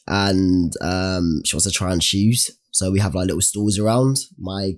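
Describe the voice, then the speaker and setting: Young man, podcast co-host, animated storytelling, casual slang. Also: sits low, measured pace. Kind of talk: casual chat.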